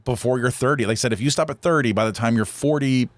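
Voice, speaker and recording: A man's voice: medium pitch, dry recording. An American man in his forties co-hosting a podcast, chatting casually in a campy, joking way. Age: 40s. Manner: campy, quick to joke along. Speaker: podcast co-host. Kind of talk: casual chat.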